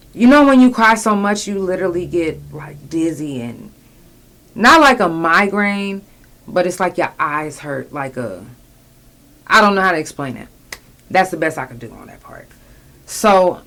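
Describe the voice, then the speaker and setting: A woman hosting a podcast, telling a personal story candidly in blunt, profane everyday slang, sinking soft and quiet at the painful parts. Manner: emotional, voice drops low and soft at painful parts. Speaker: podcast host.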